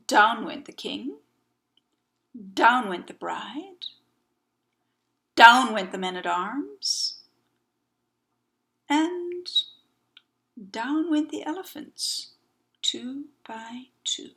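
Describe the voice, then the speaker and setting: A woman storyteller telling a folktale by heart, expressive, with dramatic hushed whispers. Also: fairly high pitch, very slow, pauses often.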